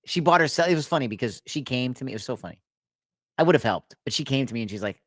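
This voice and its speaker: A man's voice: medium pitch, lively intonation, fast, no room sound, studio quality. A man hosting a podcast, telling a long rambling story in casual chat and laughing at his own jokes. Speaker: podcast host.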